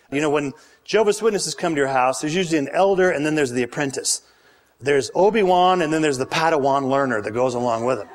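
A man's voice: a little high, lively intonation, fairly quick. A male pastor preaching a sermon, reading scripture aloud with emphasis and calling on the congregation to answer. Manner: emphatic, calls for congregation responses.

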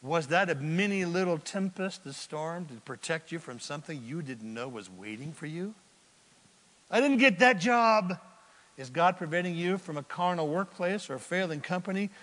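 A man preaching a sermon as pastor, swinging from loud bursts to hushed asides. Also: a little high, brisk, hardly any pauses, big-room sound.

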